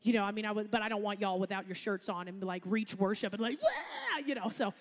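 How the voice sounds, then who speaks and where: A woman's voice: medium pitch, fairly even intonation, fast, big-room sound. A woman pastor, preaching a sermon in a chatty storytelling way with asides.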